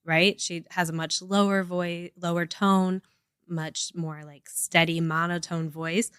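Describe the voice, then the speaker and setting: A woman's voice: lowish voice, little pitch movement, measured pace, a bit bright, clear, resonant tone, no room sound, clean studio sound. A woman co-hosting a casual podcast chat, explaining with examples and lots of "like" and "right?". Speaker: podcast co-host.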